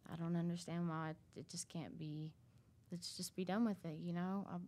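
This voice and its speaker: A woman telling her story in a halting, casual way, full of fillers and restarts. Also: lowish voice, steady tone, mellow. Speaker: interview guest sharing a recovery story.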